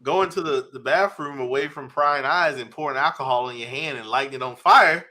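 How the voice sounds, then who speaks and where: A man co-hosting a casual review chat, agreeable and quick to laugh along. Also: medium pitch, pushed and bright. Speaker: podcast co-host.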